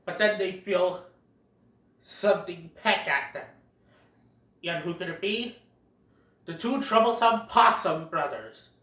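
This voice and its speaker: A movie reviewer offers a giggly, chatty retelling of a cartoon film, quoting lines scene by scene. The medium-pitched voice is animated, bright and forceful, slow with frequent pauses, and the room echoes since the mic is far away.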